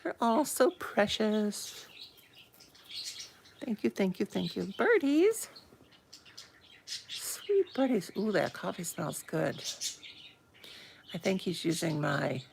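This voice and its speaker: Woman, fifties, very gravelly, low voice, a bit hoarse, chatty live-stream host, phone at home, faint background noise. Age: 50s. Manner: chatty, greets viewers by name with pet names. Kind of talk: casual live-stream chat with viewers. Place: home, indoors.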